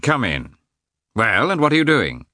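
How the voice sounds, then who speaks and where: A man voicing Vronsky, a proud Russian officer who speaks in a measured, cool, courteous way. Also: mid-range voice, huge pitch swings, sharp tone, dry recording, clean studio sound, pitched above the performer's own voice. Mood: friendly.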